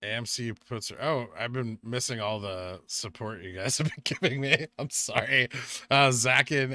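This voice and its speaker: A young man hosting a live stream in a loose, chatty way, thanking viewers and tossing off quick asides. His voice is bright and forward, sitting at an ordinary middle pitch. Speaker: livestream host. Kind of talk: casual livestream chat.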